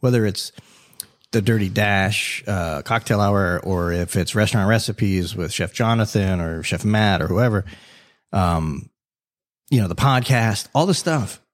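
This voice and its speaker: A man's voice: fairly low pitch, measured pace. A man co-hosting a podcast, joking and venting in a casual chat. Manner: animated, joking, exclaims. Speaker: podcast co-host.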